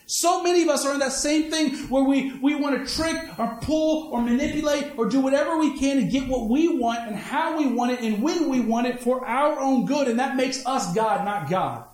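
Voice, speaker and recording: A man preaching a sermon, mixing personal stories with scripture, swinging between high emphatic lines and low asides. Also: normal speed, few pauses, a little mellow, reverberant. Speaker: pastor.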